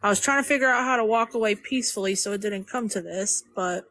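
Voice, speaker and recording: Bright, blunt woman hosting a live chat. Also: mid-range voice, fast, dry recording.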